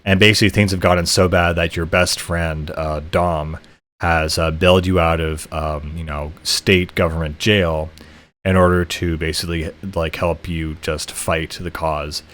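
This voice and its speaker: A man hosting a podcast, talking casually about a video game with many fillers, restarts and frequent throat clearing. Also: low-pitched, little pitch movement, a little slow, a bit bright. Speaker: podcast host. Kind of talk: casual game review talk.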